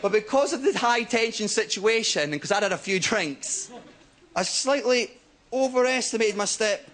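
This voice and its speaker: A young man doing stand-up comedy on a TV studio stage, telling stories with a lively, checking-in "right?" delivery. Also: high voice, normal speed. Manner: animated storytelling, keeps asking "right?". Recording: loud audience laughter and noise.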